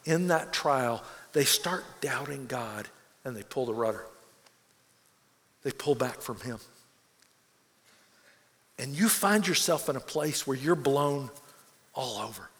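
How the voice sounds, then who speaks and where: A man's voice: fairly high pitch, fairly bright tone, in a large hall. A man preaching a sermon as a pastor, earnest, repeating words as he presses his points.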